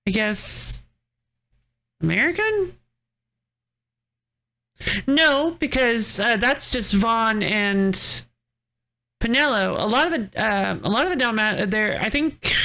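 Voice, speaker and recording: A woman's voice: a little high, sharp tone. A woman streamer giving casual let's-play commentary, musing and thinking aloud with curiosity. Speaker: game streamer.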